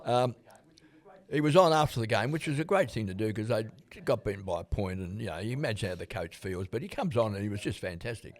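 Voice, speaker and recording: A man's voice: lowish voice, lively intonation, quick pace. An older man with an Australian accent, chatting about footy as podcast co-host, rambling with fillers and chuckles. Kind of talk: casual footy chat.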